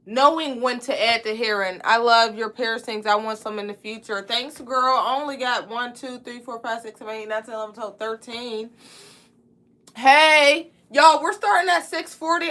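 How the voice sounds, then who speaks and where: High-voiced woman chatting on a livestream. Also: normal speed, sharp tone. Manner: chatty, greets viewers by name, eats candy while talking. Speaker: braiding livestream host. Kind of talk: casual livestream chat.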